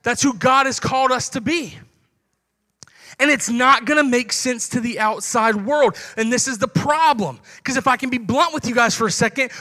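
A man's voice: very high-pitched, moderate pace, sharp tone. A young man preaching a sermon to his congregation in a conversational way, acting out little dialogues.

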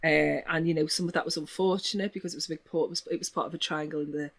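A woman from Liverpool with a Liverpool accent, telling stories in casual chat, laughing often and swooping up in pitch. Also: rapid-fire, breathy edge. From Liverpool, England. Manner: animated storyteller, laughs often, voice swoops high in anecdotes.

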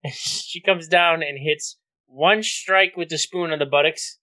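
A man's voice: on the high side, measured pace, bright, forceful tone, low-quality recording. A man telling a family story to his siblings in a casual chat, swearing freely and acting out the quotes.

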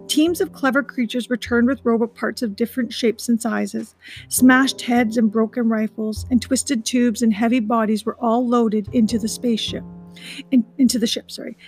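A woman's voice: on the high side, a little mellow, poor audio. A woman reading a children's novel aloud, adding chatty asides to her listeners. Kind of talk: storybook read-aloud.

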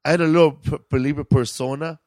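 A man in casual chat, telling a story in an animated, slangy way, often saying "bro" and "man". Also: on the high side, fast, no echo, studio quality.

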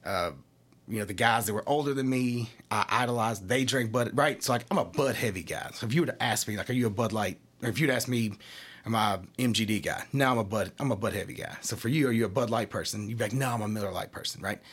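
A man's voice: fairly low pitch, quick pace, a bit bright, husky. A man from Kentucky from a craft brewery, explaining beer in casual chat and asking lots of rhetorical questions.

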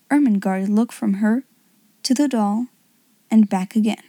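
A woman narrating a classic story in a soft, hushed, unhurried whisper. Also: medium pitch, no echo.

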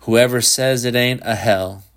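A man voicing a sly, defiant teenage boy who makes flat, knowing pronouncements about damnation. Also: medium pitch, unhurried, close to an everyday voice.

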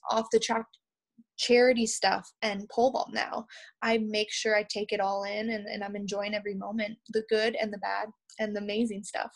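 A young woman from Canada, a pole vaulter and podcast guest, telling lively stories and laughing often. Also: medium pitch. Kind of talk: podcast interview storytelling.

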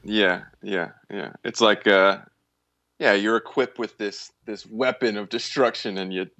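Rambling, animated man telling stories. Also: lowish voice, measured pace, no echo, dull audio. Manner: rambling, animated storyteller with many restarts. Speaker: guest, actor and musician. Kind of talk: casual podcast chat.

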